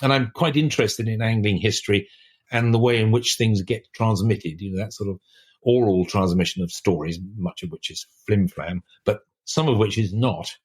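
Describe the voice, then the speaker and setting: A man's voice: fairly low pitch, moderate pace, husky. An older man, a writer guest on a podcast, talking in a reflective, discursive way with many restarts. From England. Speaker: author guest.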